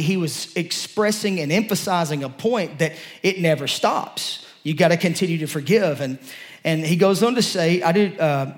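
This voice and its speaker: A man preaching a sermon, explaining a scripture passage in a conversational way and rising to emphatic peaks. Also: high-pitched.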